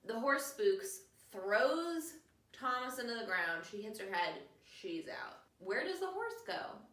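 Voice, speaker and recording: Bright-voiced woman with a sarcastic movie recap. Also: on the high side, very animated, slow pace, roomy sound, recorded from a distance. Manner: chatty, sarcastic, acts out character voices. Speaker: podcast host.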